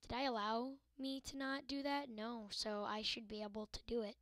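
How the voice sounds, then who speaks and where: A woman's voice: a little high, little pitch movement, normal speed, fairly bright tone, no echo, studio quality. A young woman hosting a let's-play video, giving hyper, goofy, rambling commentary into a desk mic. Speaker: gaming video host.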